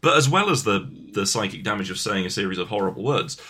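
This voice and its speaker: A man's voice: on the low side, animated, pushed and bright, breathy edge. A man co-hosting a casual podcast chat, with a mild English Midlands accent and a wry, joking manner. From England, Coventry. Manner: wry, joking, quick asides. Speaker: podcast co-host.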